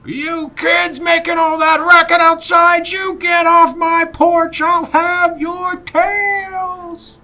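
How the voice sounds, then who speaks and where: A man's voice: very high voice, little pitch movement, slow, soft background music, voice pushed up, full character voice. A man putting on the voice of a cranky old man scolding kids off his porch. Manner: shouting, scolding.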